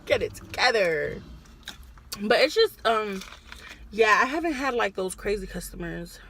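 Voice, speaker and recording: Bright, lively young woman telling stories. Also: mid-range voice, a little slow, a little hiss or hum. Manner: animated storyteller who acts out customers' voices. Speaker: vlogger and sandwich shop worker. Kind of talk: casual chat while eating.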